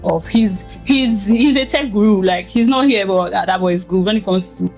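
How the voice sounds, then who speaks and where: A woman co-hosting a podcast in casual chat, expressive and sentimental, talking a lot and animatedly acting out the people she quotes. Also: mid-range voice, moderate pace, faint music behind. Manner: animated, acts out others' voices in quotes. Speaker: podcast co-host.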